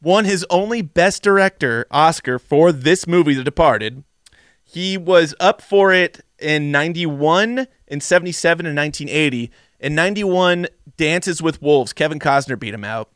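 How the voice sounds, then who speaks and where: A man's voice: fairly high pitch, moderate pace, a bit bright, smooth, no echo, clean studio sound. Upbeat man reading movie fun facts. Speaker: podcast co-host. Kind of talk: casual movie podcast chat.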